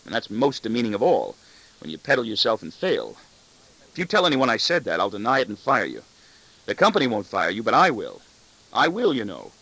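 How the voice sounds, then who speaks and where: A man's voice: lowish voice, huge pitch swings, fairly quick, creaky, pushed and bright, husky, heavily acted, poor audio. A man voicing an arrogant, cutting corporate boss in an audiobook, with a sardonic, self-satisfied delivery. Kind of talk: audiobook reading.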